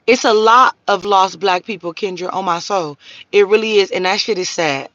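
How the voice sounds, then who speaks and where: A woman's voice: medium pitch, normal speed, fairly bright tone, dry recording, muffled recording. A woman, hosting a live stream and ranting profanely at her viewers. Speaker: livestream host.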